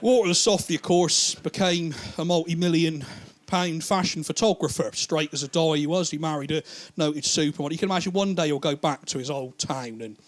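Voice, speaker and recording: Stand-up comic, man, slightly high voice, rambling profane delivery, quick character voices, live mic. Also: a little hiss or hum. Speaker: stand-up comedian. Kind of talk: stand-up comedy routine.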